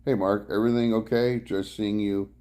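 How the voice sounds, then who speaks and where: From the couch at home, a man hosts a casual live stream in a fairly low, warm voice with little pitch movement and normal speed. He greets viewers by name and rambles about his rides, wearing the clip-on mic he uses for cycling.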